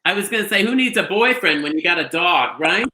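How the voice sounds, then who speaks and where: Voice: mid-range voice, expressive, fairly quick, bright, forceful tone. A bingo host on a live stream from a trailer, chatty and gushing, rambling with lots of fillers. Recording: echoey room, faint noise.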